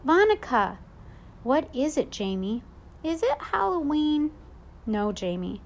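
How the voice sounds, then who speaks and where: An eager little boy with a high, bright voice, as a woman reader puts him on. He calls out insistently and asks curious questions, pitched well above the reader's own voice. Storybook reading. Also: very animated, unhurried, full character voice.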